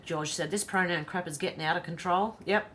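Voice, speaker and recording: A woman's voice: fairly low pitch, fairly quick, a bit bright, a little hiss or hum. An Australian woman hosting a casual livestream, reading viewer comments aloud and greeting each by name. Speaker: livestream host reading chat.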